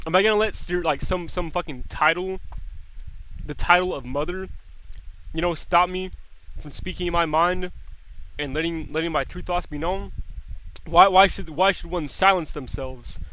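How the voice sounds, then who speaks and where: Bright-voiced young man ranting casually. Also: a little high, a little hiss or hum. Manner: animated, swears freely, repeats words while thinking. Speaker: streamer. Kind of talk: casual chat.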